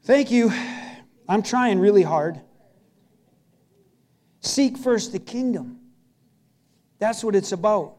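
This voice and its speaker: Male pastor, very high voice, chatty and emphatic sermon storytelling. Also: lively intonation, takes it slowly, long pauses, darkish tone. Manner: storytelling preacher, emphatic and conversational.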